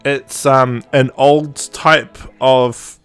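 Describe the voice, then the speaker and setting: A man's voice: medium pitch, drawn-out words, smooth, soft background music. A man hosting a podcast, retelling a story in casual chat and acting out the quoted lines. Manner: chatty, animated, acts out quoted dialogue with laughs. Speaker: podcast host.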